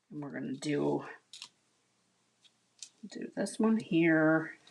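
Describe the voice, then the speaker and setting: A woman's voice: on the high side, background noise. An American woman chatting casually with viewers as she demonstrates a card-making project, calling them "you guys" and "honey.". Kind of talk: casual craft tutorial.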